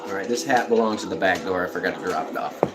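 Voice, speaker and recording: A woman hosting a casual livestream from home, chatting in a relaxed way and sometimes dropping to a whisper. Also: a bass voice, quick pace, loud music behind the voice. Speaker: livestream host. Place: home bedroom.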